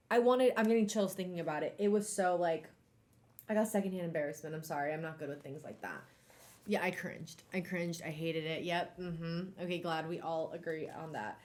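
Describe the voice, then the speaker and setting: A woman hosting a casual live-stream book club, talking in an animated way with exclamations and trailing fillers. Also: low-pitched, a little fast.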